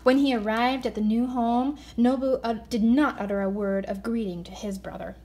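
A woman reads a children's folktale aloud. Her voice sits a little high, and she reads expressively, slowing down on key words. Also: a little hiss or hum. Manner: expressive, slows down for emphasis. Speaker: narrator. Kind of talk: children's story read-aloud.

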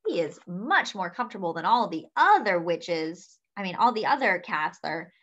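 Woman storyteller for kids, animated and bright, engaging listeners with questions; muffled lo-fi recording. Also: fairly low pitch, normal speed. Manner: lively, asks young listeners questions. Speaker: children's story reader. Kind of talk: read-aloud storytelling for children. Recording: dull lo-fi sound.

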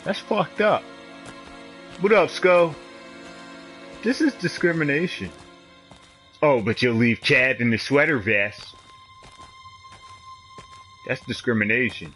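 Speaking slowly with frequent pauses, a medium-pitched man provides live commentary on the game he is streaming, trash-talking in a loose, profane, animated way. Faint music plays behind him, and the recording is rough.

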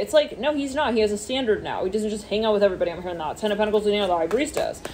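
A woman's voice: mid-range voice, expressive, rapid-fire, hardly any pauses, a little mellow, a little hiss or hum. A woman giving a casual tarot reading, rambling with many fillers and swearing offhandedly. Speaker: tarot reader.

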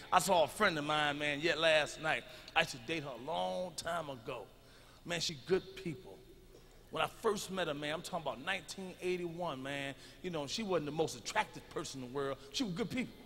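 Middle-aged man, stand-up comic, high gravelly voice, long arena reverb, profane storytelling. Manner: loud, profane storytelling that swings into shouting. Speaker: stand-up comedian. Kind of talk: stand-up routine. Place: large arena stage. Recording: live concert recording with long hall reverb.

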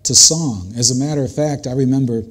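A man's voice: mid-range voice, brisk, a bit bright. An older man preaching a sermon as a pastor, earnest and conversational, speaking directly to his congregation.

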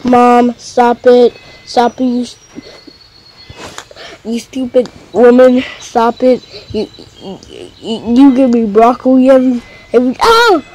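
A woman's voice: fairly high pitch, slow, a little mellow. A woman voicing a whiny young boy who yelps and cries out in pain. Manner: yelping, shrieky cries of pain.

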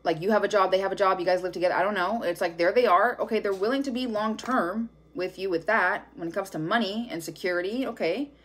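A woman's voice: mid-range voice, fast talker, hardly any pauses. A woman giving a casual tarot reading to camera, blunt and profane, laughing often. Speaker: tarot reader.

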